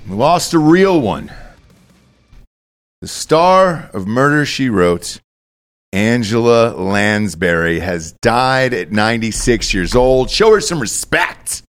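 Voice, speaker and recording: A man's voice: on the low side, lively intonation, takes it slowly. A man hosting a podcast, chatting in a jokey, mock-dramatic, crude comedic way. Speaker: podcast host.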